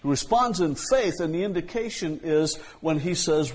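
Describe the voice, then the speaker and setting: A man's voice: on the high side, animated, normal speed, hardly any pauses, breathy edge. A man preaching a sermon in a conversational way, often repeating himself and saying "you know.".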